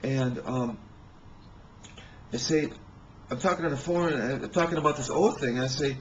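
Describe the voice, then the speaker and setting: A man telling rambling personal stories in a halting way, with many restarts and fillers. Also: medium pitch, muffled recording, a little hiss or hum.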